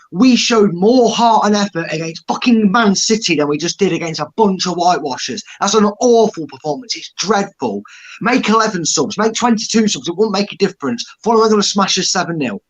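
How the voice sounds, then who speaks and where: A man's voice: high-pitched, animated, moderate pace. A man giving a blunt, exasperated, sweary rant about his team's performance. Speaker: football fan pundit. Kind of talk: angry fan rant.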